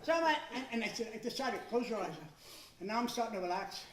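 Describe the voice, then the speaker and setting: Older new stand-up guy, shouts the punchlines, distant mic in a roomy club. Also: high voice, quick pace, heavy background noise. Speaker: stand-up comedian. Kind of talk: stand-up routine. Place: club stage before a live audience. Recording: echoey room, far from the mic.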